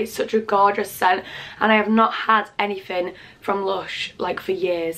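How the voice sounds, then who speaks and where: A young British woman excitedly chatting through her presents in a casual vlog. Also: medium pitch. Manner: gushing, chatty, full of fillers. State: out of breath. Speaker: vlogger. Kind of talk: casual gift haul vlog.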